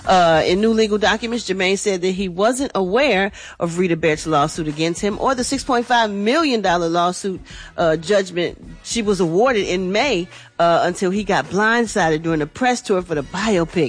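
A woman's voice: medium pitch, normal speed, slightly rough, faint music behind. Woman, radio morning show entertainment host, casual chatty delivery. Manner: chatty, casual, addresses listeners as y'all.

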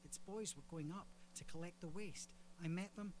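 Male survivor telling his story, slightly high voice, light hum behind. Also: moderate pace, rough recording. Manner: plain, matter-of-fact. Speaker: survivor, interviewee.

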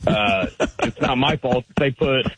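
A man's voice: mid-range voice, unhurried, a bit bright. A man calling in to a radio show, pressing his argument with the host. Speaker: radio caller. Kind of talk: phone-in call. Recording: tinny phone line.

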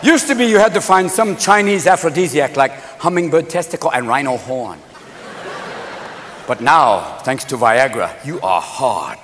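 A man doing stand-up comedy, loud and rowdy with frequent shouting. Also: a little high, animated, normal speed. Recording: live crowd with background noise.

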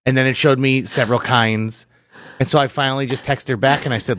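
A man's voice: medium pitch, steady tone, brisk, fairly bright tone, dry recording, muffled recording. Playful man telling a story on air. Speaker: radio co-host. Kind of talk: casual morning-show banter.

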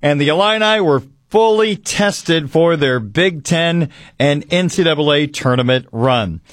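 A man's voice: on the high side, expressive, no room sound. Folksy sports radio host man, dry close studio sound. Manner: folksy, conversational, drawn-out emphasis on key words. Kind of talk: radio sports talk monologue. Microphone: studio microphone.

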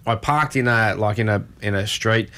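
A man's voice: fairly low pitch, moderate pace, a bit bright. An Australian man co-hosting a casual chat, telling rambling, laid-back stories full of fillers.

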